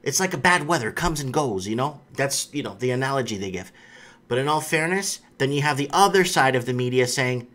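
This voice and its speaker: A man's voice: medium pitch, animated, brisk, fairly bright tone. A man hosting a live stream, talking casually and rambling, with frequent restarts and fillers.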